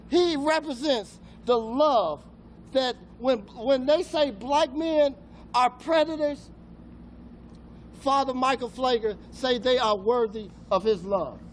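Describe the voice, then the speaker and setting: A man emcees a community rally, speaking in an emphatic, preacherly way. His voice is pitched very high for a man. Faint background noise sits under the recording. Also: slow pace. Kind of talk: public rally speech.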